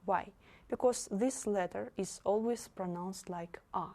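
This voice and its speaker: A woman with a Russian accent explains a language lesson at an unhurried, deliberate pace. Her pitch sits in a middle range, and she repeats example words carefully for her students. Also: dark tone. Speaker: language teacher.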